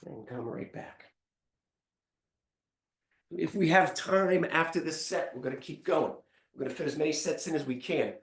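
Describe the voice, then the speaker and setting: A male fitness instructor leading a live workout class, counting reps aloud and giving calm step-by-step cues while out of breath. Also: on the high side, moderate pace, pauses often, roomy sound.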